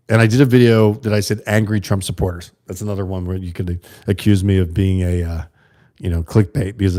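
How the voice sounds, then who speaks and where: A man's voice: low voice, dark tone. An American man hosting a livestream, rambling in a casual monologue to his viewers and reading their chat aloud. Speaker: livestream host.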